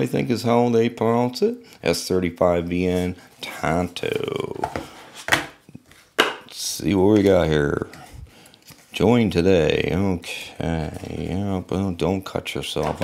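A man's voice: deep voice, gravelly, darkish tone. A man casually unboxing and reviewing a knife, musing to himself as he handles it.

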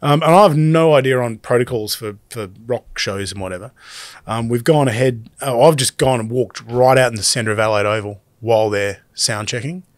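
A middle-aged Australian man, appearing as a guest DJ, tells a story casually and with animation, swearing freely. His voice is medium-pitched and brisk, with no echo.

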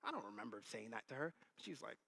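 A man's voice: mid-range voice, quick pace, creaky, noisy background. A man in his thirties preaching a sermon as pastor, telling stories and acting out the quoted voices. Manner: animated storytelling, acting out quotes.

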